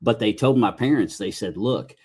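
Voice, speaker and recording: A middle-aged man chats on his podcast in a lowish voice. He rambles folksily, restarting his sentences and dropping mild curses as he goes. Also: lively intonation, moderate pace, darkish tone. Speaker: podcast host. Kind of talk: casual podcast chat.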